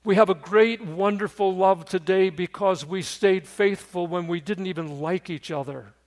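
An older man, a pastor and great-grandfather, preaching a sermon. He moves from loud storytelling to low, hushed pleading. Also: normal speed.

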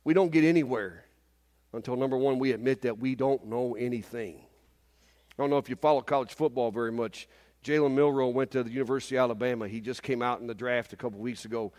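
A man in his fifties preaching a sermon in a church service, animated and often asking the congregation "Amen?". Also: medium pitch, fast talker, big-room sound. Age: 50s.

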